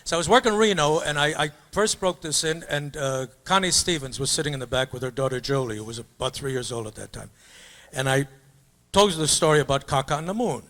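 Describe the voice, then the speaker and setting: A man's voice: fairly high pitch, expressive, fairly quick, a bit bright. An older man, a comedian, telling rambling stand-up stories in an auditorium. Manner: loose, rambling storyteller slipping into mock-opera singing and funny voices. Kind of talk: stand-up storytelling. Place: high school auditorium.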